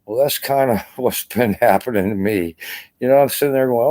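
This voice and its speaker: Older male veteran, low and mellow, exhausted, rambling profane vlog chat. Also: quick pace. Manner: rambling, profane, full of "you know" fillers. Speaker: army veteran vlogger. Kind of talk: casual rambling vlog monologue. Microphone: camera.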